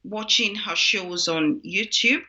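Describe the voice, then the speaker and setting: A woman with a Scottish accent, a guest giving short, measured answers in a casual interview. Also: mid-range voice, bright, forceful tone, muffled recording. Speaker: guest entrepreneur.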